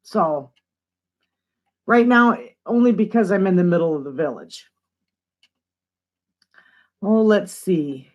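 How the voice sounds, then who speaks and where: A woman's voice: mid-range voice, lively intonation, takes it slowly, long pauses, dull audio. An older woman from northern Michigan, chatting casually on a homestead live stream, greeting viewers and reading their comments aloud. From northern Michigan, USA. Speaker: homestead channel host. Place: home, away from the living room.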